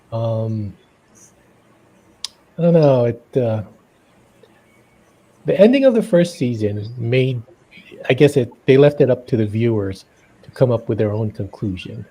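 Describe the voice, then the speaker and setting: A man chats casually over a drawing stream, his voice mellow and slightly husky. His pitch swings up and down as he gets animated. He laughs a lot and leaves sentences hanging. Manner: animated, laughs often, trails off mid-sentence. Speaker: artist co-host. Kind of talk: casual chat while drawing. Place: indoors at a livestream drawing session.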